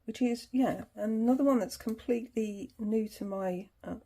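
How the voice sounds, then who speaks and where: A woman's voice: fairly high pitch, normal speed, mellow. A woman hosting her tarot channel, chatting casually through an unboxing, laughing easily and reading passages aloud.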